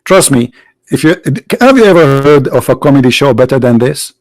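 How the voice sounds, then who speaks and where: A man's voice: medium pitch, lively intonation, brisk, no room sound, low-quality recording. A man hosting a livestream debate, mocking and sarcastic, firing off rhetorical questions in non-native English.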